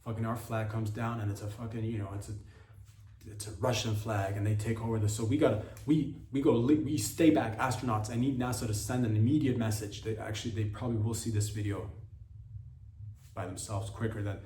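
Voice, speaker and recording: A man's voice: lowish voice, steady tone, brisk, mellow, a little hiss or hum. A man hosting a comedy podcast, delivering a rambling, profane monologue and tripping over his words. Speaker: podcast host. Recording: roomy echo.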